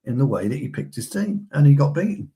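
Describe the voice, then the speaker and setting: A man's voice: mid-range voice, sing-song, brisk, dark tone, husky. A man co-hosting a casual football fan chat, bantering with his co-host. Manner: chatty, banter-filled, addresses co-host as pal.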